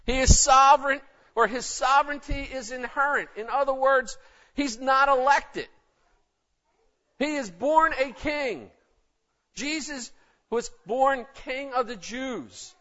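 A man's voice: extremely high pitch, measured pace, pushed and bright. A man preaching a sermon in an emphatic, conversational way. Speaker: pastor. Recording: dull lo-fi recording.

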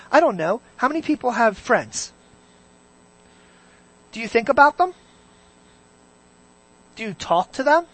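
A preacher delivering an animated sermon, firing questions at the congregation and swinging between loud bursts and hushed asides. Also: mid-range voice, dry recording.

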